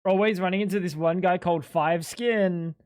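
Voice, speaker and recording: Excitable, foul-mouthed streamer talking to chat. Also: mid-range voice, normal speed, clean tone. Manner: excitable, profane, self-mocking banter. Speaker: live streamer. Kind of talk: live-stream gaming commentary to chat.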